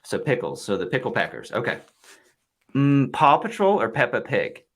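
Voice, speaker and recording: A young man hosting a podcast, gently and playfully chatting with his toddler son. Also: mid-range voice, wildly swooping pitch, moderate pace. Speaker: podcast host.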